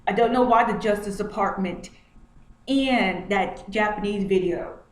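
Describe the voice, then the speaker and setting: A woman's voice: medium pitch, measured pace. Agitated woman repeating herself, roomy echo. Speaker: vlogger. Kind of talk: screen-share commentary. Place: home, at a computer. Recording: roomy echo, faint noise.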